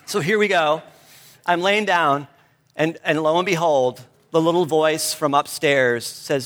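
A middle-aged man delivers a sermon with a slightly raised pitch. He shifts between preaching and a casual, lively story about his family, keeping it conversational. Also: a little slow. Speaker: pastor.

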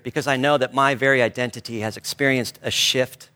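A middle-aged man preaching a sermon, telling a family story in an animated, conversational way. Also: medium pitch, a little fast, hardly any pauses, smooth. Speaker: pastor.

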